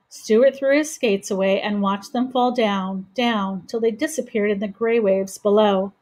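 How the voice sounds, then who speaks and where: A woman reading a children's chapter book aloud in a gentle, steady voice. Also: medium pitch, a little slow, hardly any pauses. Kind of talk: children's storybook read-aloud.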